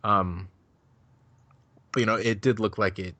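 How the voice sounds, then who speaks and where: A man's voice: on the low side, steady tone, measured pace, pushed and bright, no room sound. A man chatting casually on a podcast, rambling loosely and swearing freely as he gives his take on a film. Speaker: podcast co-host. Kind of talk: casual chat.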